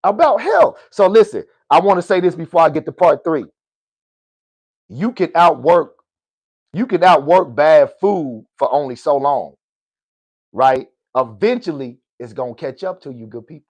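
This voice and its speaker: A man's voice: a little high, lively intonation, moderate pace, a little mellow, husky, dry recording. A middle-aged man hosting a podcast, giving a motivational personal talk in a preachy way, often asking "right?" and calling out to his listeners. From Oklahoma, US. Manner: preachy, repeats "good people" and "right?". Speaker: podcast host.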